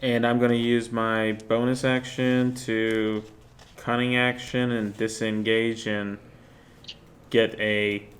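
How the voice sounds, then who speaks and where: Male tabletop player, very slow delivery, hesitant with plenty of ums and laughs. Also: mid-range voice, little pitch movement. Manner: hesitant, many fillers, laughs between phrases. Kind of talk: playing a tabletop game.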